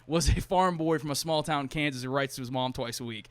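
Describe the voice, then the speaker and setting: Man doing calm villain tycoon, cool, deliberate, low-key. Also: clear, resonant tone, no echo, natural voice.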